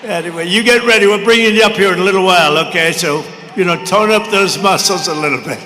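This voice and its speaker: A man in his seventies giving a rambling campaign rally speech at a podium microphone, brash and mocking, shouting some lines. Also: high-pitched, fast. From United States. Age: 70s. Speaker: political candidate at a rally. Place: large arena. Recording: reverberant arena with faint crowd noise.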